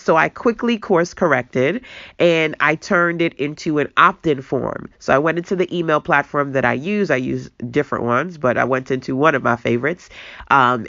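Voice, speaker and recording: A woman coaching entrepreneurs in a casual online talk, animated and self-mocking, speaking straight to her viewers. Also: low voice, no echo, lo-fi sound. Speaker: business coach. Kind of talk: casual webinar teaching.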